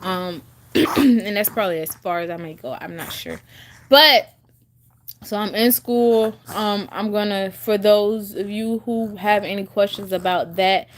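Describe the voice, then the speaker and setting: Chewing gum as she talks, a twenty-something woman vlogger chats to camera at a measured pace in a medium-pitched voice. Her casual talk is packed with fillers and restarts.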